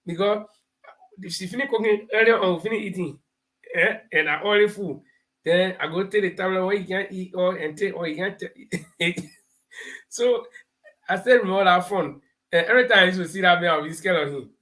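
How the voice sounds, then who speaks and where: A live talk show host with a Liberian English accent delivers political commentary, explaining through homespun stories and parables and laughing as he tells them. He talks fairly quickly in a high voice that sounds pushed and bright.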